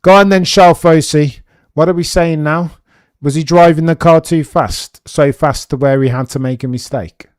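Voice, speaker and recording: A young man streaming live race commentary, chatty and animated, with excited bursts and muttered asides. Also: fairly high pitch, moderate pace, no room sound, clean studio sound.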